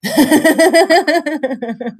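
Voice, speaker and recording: A New Zealand woman co-hosts a live stream in casual chat, her high voice moving very slowly. She's bubbly, laughs often, and calls people darling.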